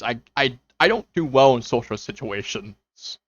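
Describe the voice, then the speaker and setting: A young man streams from home in a mid-range voice with lively intonation and normal speed, rambling casually to viewers with many fillers and quoted self-talk. There's no room sound, but the dull lo-fi mic picks up faint music.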